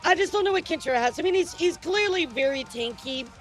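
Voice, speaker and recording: A high-pitched woman reacts out loud on stream in easy casual chat. She gets excitable, laughs often and jumps in with quick asides. Soft music plays underneath. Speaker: VTuber reacting to a video.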